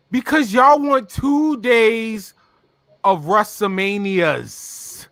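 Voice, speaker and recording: A man co-hosting a casual wrestling talk show, ranting animatedly and often shouting. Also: extremely high pitch, lively intonation, slow pace, dry recording. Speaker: podcast co-host.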